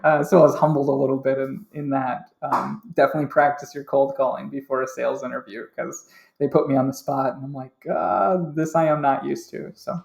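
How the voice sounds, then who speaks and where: A man's voice: mid-range voice, completely flat delivery, a little fast, creaky, a little mellow, roomy sound. A man speaking as a podcast guest, candid and chatty, laughing easily as he recounts his career change. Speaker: interview guest, sales manager. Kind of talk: casual interview chat.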